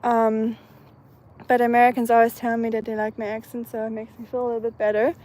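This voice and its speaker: A woman's voice: on the high side, completely flat delivery, a little fast, a little mellow. Chatty German-accented young woman. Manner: chatty, reads out viewer comments. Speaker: live streamer. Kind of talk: casual live-stream chat. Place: outdoors, feeding stray cats.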